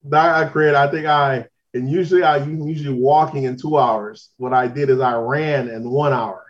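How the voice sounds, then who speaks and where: He's a podcast co-host, medium in pitch and steady in tone, talking at a moderate clip through a long story told casually in slang. Lingering symptoms show he's still getting over being sick, and the sound is lo-fi.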